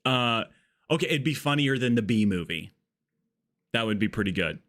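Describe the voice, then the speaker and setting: A man live-streams a game, chatting casually in a rambling, jokey way that drifts onto tangents. His voice is medium-pitched, expressive, a bit bright, and at a normal speed.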